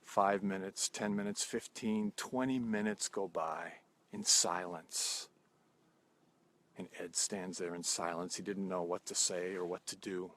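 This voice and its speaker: A man preaching a short sermon outdoors, telling a story in a gentle, unhurried way with soft pauses. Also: deep voice, fairly even intonation, a little hiss or hum. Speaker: pastor. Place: outdoors at sunrise.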